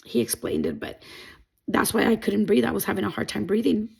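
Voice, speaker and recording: A woman's voice: medium pitch, huge pitch swings, a little fast, creaky, a little mellow, husky. A young adult woman sharing a personal faith testimony in an earnest, rambling way, full of fillers. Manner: emotional, earnest. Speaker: testimony vlogger.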